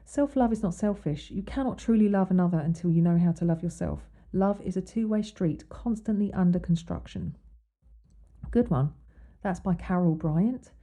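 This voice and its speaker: A woman's voice: fairly low pitch, moderate pace, dark tone. A woman hosting an astrology podcast, talking casually with many ums and restarts. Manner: chatty, many ums and restarts, reads quotes aloud. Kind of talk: casual explanatory monologue.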